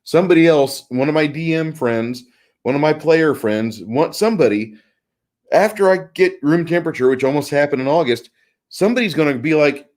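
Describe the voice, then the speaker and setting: A man's voice: a little high, animated, fairly quick, a little mellow. A man hosting a casual panel chat about tabletop games, joking and rambling with frequent restarts.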